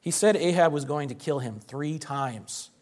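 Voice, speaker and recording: A man's voice: a little high, measured pace, darkish tone. A man, a pastor, delivering a sermon in a conversational, explanatory way, asking rhetorical questions.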